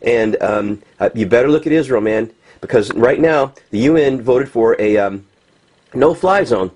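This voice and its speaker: There's a little hiss or hum as a US vlogger rants agitatedly over pictures, unscripted and full of fillers and restarts. His mid-range voice is animated and darkish in tone, at a normal speed.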